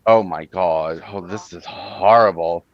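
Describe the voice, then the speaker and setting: A man's voice: low-pitched, unhurried. A man hosting a casual live stream, blunt and exasperated, swearing now and then. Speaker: stream host. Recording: dull lo-fi, dry sound.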